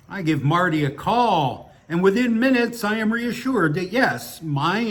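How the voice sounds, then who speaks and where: A man with a fairly high, a bit bright voice reads his own stories aloud in a casual monologue, chatting between them. His humor is dry and wry, with an opinionated, grumbling edge.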